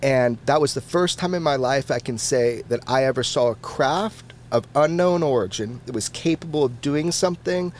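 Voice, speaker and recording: A man being interviewed as a podcast guest, who talks in an animated and casual way, swears freely and often restarts his words. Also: mid-range voice, normal speed, hardly any pauses, slight background noise.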